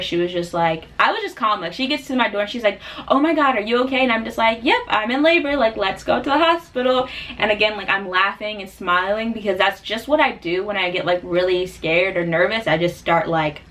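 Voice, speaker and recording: A young woman vlogger telling a personal story in a casual, chatty way, full of fillers, getting animated when she quotes people. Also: medium pitch, brisk, hardly any pauses. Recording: voice a bit distant from the mic.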